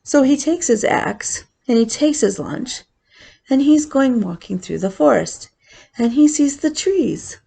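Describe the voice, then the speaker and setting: A woman hosting a casual cross-stitch vlog, rambling through a story at an unhurried pace. Her voice is gravelly and husky, sitting a little high. She fills gaps with "um" as she goes. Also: expressive, mellow. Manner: rambling, chatty storyteller with fillers.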